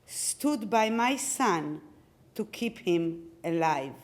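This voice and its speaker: A woman reciting a poem to an audience at a library event, reading slowly, solemnly and deliberately. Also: fairly low pitch, animated. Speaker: poetry reader. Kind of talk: poetry recitation.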